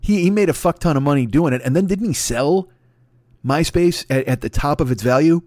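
A man's voice: on the high side, a little fast, a little mellow, no room sound, studio quality. A man in his fifties ranting alone at a desk, rambling, exasperated and full of swearing. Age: 50s. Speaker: podcast host. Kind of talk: solo comedic rant.

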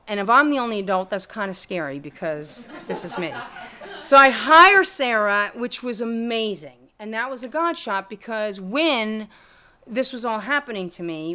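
A middle-aged woman telling her story in an interview, blunt and profane, with lively retellings of conversations. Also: medium pitch. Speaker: guest, music lawyer and teacher. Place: room with a live audience.

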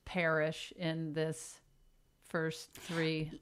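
A middle-aged woman co-hosting a casual podcast with a dry, deadpan humor. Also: deep voice, extremely slow, smooth. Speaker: podcast co-host.

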